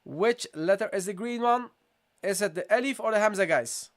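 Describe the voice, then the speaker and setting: A high-voiced man teaches recitation in a live online lesson, slowly modelling sounds and patiently repeating his questions to those watching.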